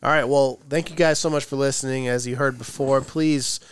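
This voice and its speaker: A man hosting a podcast in casual chat, relaxed and steering the talk. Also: mid-range voice, a little fast, few pauses, clean tone. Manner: relaxed, wraps up the show. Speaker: podcast host.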